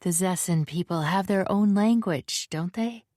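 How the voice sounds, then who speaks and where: A woman voicing a perceptive young woman held captive, who asks probing, gently teasing questions in a dry, close recording. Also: lowish voice, a little slow, no echo, pitched above the performer's own voice, lightly acted. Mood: curious, teasing.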